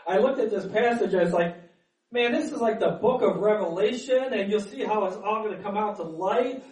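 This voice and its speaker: High-voiced preacher in an echoey church. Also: male voice, fairly quick. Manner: earnest, repeats words, builds up then calms. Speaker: pastor. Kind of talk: sermon. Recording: echoey room, mic at a distance.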